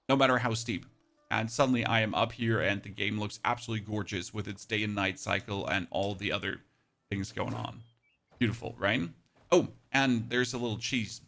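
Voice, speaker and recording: A man's voice: fairly low pitch, vocal fry, fairly bright tone. A man with a German accent giving enthusiastic commentary over his gameplay footage. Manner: enthusiastic, rapid play-by-play calls. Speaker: gaming youtuber.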